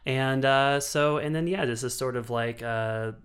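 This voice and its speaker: A man hosting a casual podcast chat, an animated storyteller who laughs often and jumps into high quoted voices. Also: unhurried, clean tone. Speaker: podcast host.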